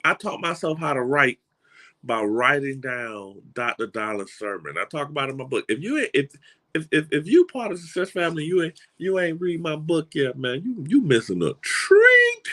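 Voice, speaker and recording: A middle-aged man with a Southern US accent gives a motivational talk in an animated, folksy storytelling style, often restarting and repeating words. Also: on the high side, moderate pace. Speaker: motivational speaker.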